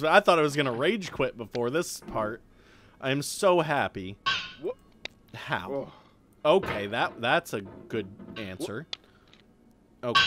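A man's voice: mid-range voice, a bit bright, slight background noise. A man in let's play commentary, reacting to a hard climbing game with anxious exclamations, pleading and cursing at the game. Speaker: gaming video creator. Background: game music.

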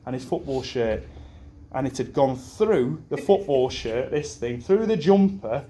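A young best man, speaking unhurriedly in an animated, warm, mid-range voice, rambles through anecdotes in a wedding reception room. He laughs at his own stories and swears casually along the way.

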